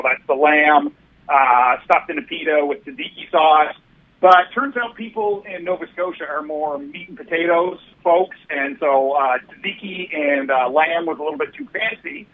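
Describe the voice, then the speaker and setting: A man from Canada, a guest calling in, chatting casually and explaining things at length. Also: a little high. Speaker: guest on a call-in. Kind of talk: casual chat. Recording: tinny phone line.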